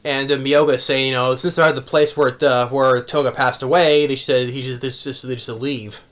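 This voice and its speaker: A man's voice: mid-range voice, fairly even intonation, moderate pace, a bit bright. A man casually recapping an anime episode, rambling with many restarts and fillers. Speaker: anime reviewer.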